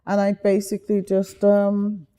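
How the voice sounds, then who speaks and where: Lively woman guest, mellow tone, animated storytelling. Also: medium pitch, measured pace, clean tone. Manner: lively, chatty, slips into voices while telling stories.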